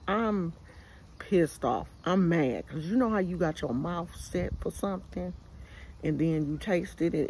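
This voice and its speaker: A woman's voice: fairly low pitch, darkish tone, slight background noise. An older woman with a Bay Area accent, telling a casual story to her viewers in a chatty, slangy way, outdoors in her yard and recorded on a phone camera. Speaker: vlogger. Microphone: phone camera held by speaker.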